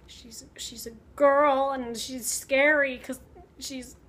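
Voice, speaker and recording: A woman's voice: high voice, fairly even intonation, slow pace, a bit bright. A woman voicing a meek, nervous young man who stammers and hesitates.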